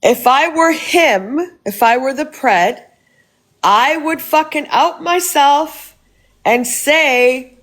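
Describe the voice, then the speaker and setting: Woman ranting in a live chat, blunt, swears a lot, slightly high voice. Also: slow, a bit bright. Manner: blunt, emphatic, heavy swearing. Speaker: live audio chat participant. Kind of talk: casual chat.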